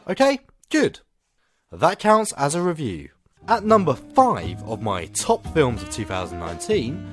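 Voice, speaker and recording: A man hosting a film podcast, sarcastic and animated as he rates the year's films. His pitch rises and falls a lot. Faint music sits underneath his voice. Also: measured pace. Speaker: podcast host. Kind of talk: casual film review and chat.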